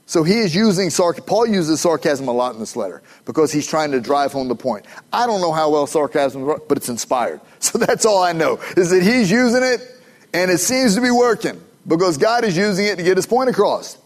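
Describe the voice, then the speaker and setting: Middle-aged pastor, fairly high male voice, emphatic and animated from the pulpit, joking asides. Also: normal speed. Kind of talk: sermon.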